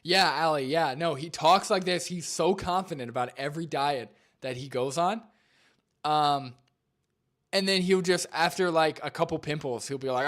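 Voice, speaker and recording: A man's voice: a little high, animated, a little fast, a bit bright. Laid-back young man chatting casually. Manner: laid-back, filler-heavy, says "like" and "dude" a lot. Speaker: streamer reacting to a video and reading chat. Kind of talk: casual live-stream chat.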